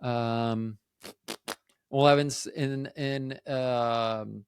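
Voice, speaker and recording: A man's voice: mid-range voice, fairly even intonation, drawn-out words, clean tone, no room sound, studio quality. A man hosting his own podcast, rambling and joking at his own expense, often losing his thread and starting over. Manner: joking, self-deprecating, trails off and restarts. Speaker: podcast host. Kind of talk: rambling solo podcast chat.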